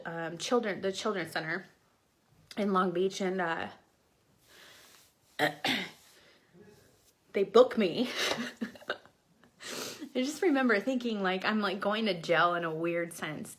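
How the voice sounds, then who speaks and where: A woman's voice: medium pitch, expressive, slow pace, long pauses. A young adult woman telling her own life story in a casual, rambling way, full of "like" fillers and restarts.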